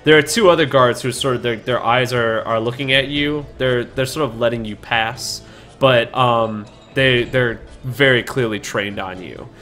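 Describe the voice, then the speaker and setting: A man runs a tabletop game, describing the scene in halting bursts full of restarts. His voice sits at an ordinary pitch, and faint music plays behind him. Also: pushed and bright. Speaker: game master.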